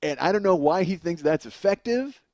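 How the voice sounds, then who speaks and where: A man's voice: high voice, moderate pace, no echo. A male comedian telling a long, profane story as a monologue, laughing as he goes. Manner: animated, profane, laughing mid-sentence. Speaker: comedian host.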